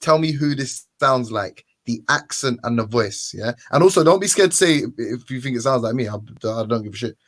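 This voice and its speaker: A man hosting a casual group voice chat, animated and talking over others to get the floor. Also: medium pitch, a little fast, few pauses. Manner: animated, keeps cutting in with "hold on, listen". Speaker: host.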